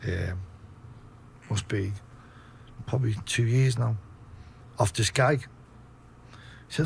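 A man with a Liverpool accent telling profane, animated stories in a casual interview. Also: fairly low pitch, measured pace, gravelly, pauses often, a little hiss or hum. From Liverpool, England. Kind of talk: casual storytelling.

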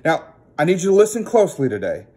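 A man teaching children a Bible story as a children's ministry teacher, animated and acting out the characters. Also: on the high side, fast talker, slightly rough.

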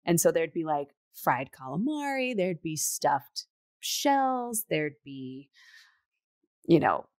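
A woman's voice: sits low, no echo, studio quality. A woman co-hosting a casual chat, talking expressively and emphatically about her family. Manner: expressive, emphatic, quick asides. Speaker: podcast co-host.

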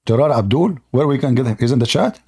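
A man's voice: mid-range voice, lively intonation, quick pace, darkish tone, husky. A man in a heated online debate, mocking and hammering the same question again and again. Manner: mocking, insistent, hammers one question with repeats.

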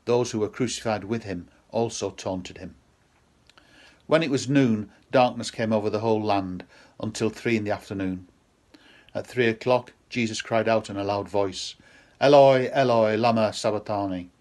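Low-voiced man reading scripture solemnly. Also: steady tone, normal speed, darkish tone. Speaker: scripture reader. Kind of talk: reading a Gospel passage aloud.

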